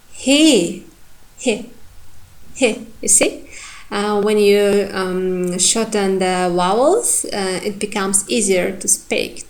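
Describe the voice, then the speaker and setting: Female teacher, slow and careful, drilling example words in a phonetics lesson. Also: medium pitch. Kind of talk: lecture on vowel reduction.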